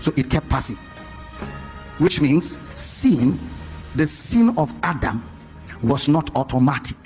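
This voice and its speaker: A man preaching with a high, bright voice that leaps up and down. He questions his listeners and stretches key phrases into a sing-song. Faint music sits under his voice. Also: slow. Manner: animated, questioning the congregation, sing-song emphasis. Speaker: pastor. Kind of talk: sermon.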